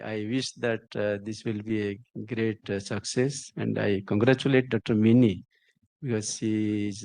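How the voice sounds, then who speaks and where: An older man with an Indian English accent giving a halting, emotional speech at a ceremony. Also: lowish voice, dark tone, dry recording. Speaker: senior professor giving a speech.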